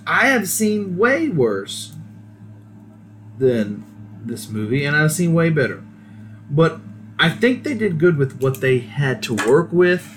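A man's voice: a little high, fairly bright tone, slight background noise. Easygoing male podcast host reviewing a movie. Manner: rambling, hesitant, casual, with many ums. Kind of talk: casual solo movie review.

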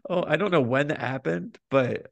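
A man's voice: fairly high pitch, normal speed, creaky, no room sound, muffled recording. A young gay man co-hosting a podcast, chatting casually and gushing, laughing often. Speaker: podcast co-host. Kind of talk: casual chat.

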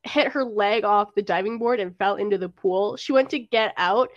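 A woman's voice: mid-range voice, moderate pace, no room sound, dull audio. A young woman in casual chat, telling a party story with lots of laughter and acted-out quotes.

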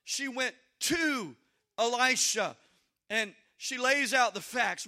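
A man preaching a sermon with emphatic delivery, building to shouted peaks and dropping into quiet asides. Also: very high-pitched, takes it slowly.

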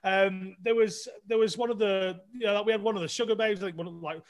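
A man's voice: sits high, fairly even intonation, fairly quick. A middle-aged man with a chatty, self-deprecating manner, telling stories casually as a podcast guest, with many restarts. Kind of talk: casual storytelling.

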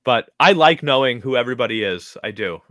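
A man's voice: mid-range voice, animated, brisk, sharp tone, dry recording, clean studio sound. A man co-hosting a casual reality TV recap podcast, talking in long rambling runs full of fillers. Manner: rambling, filler-heavy enthusiasm. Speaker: podcast co-host.

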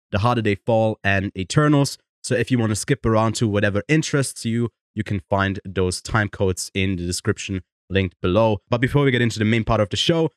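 A man with a low, deep voice hosts a podcast in a loose, chatty way and laughs easily as he talks. The sound is dry and close, with hardly any room around it. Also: dry recording. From Switzerland. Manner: chatty, laughs often, swears casually. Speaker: podcast host. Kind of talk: casual chat.

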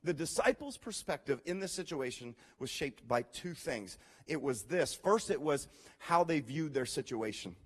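Animated high-voiced male preacher. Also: moderate pace, husky. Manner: animated, swings from quiet to loud, direct appeals to the congregation. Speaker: pastor. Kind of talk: sermon.

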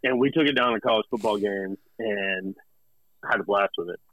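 A man talking as a guest in a casual interview, relaxed and halting with many fillers. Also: lowish voice, dull audio. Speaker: guest, company representative.

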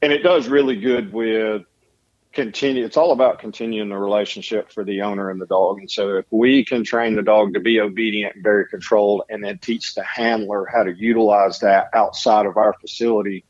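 Low-voiced man, dull lo-fi sound. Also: fairly quick, dry recording. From Alabama. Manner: steady, instructive. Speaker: dog trainer guest. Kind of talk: explanatory interview answers.

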